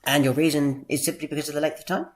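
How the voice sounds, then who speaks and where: A man hosting a podcast quiz in a playful game-show manner, drawing out announcements and squeaking out jingle noises. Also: fairly even intonation. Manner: theatrical, drawn-out announcements with sudden high-pitched jingles. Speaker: podcast host running a quiz.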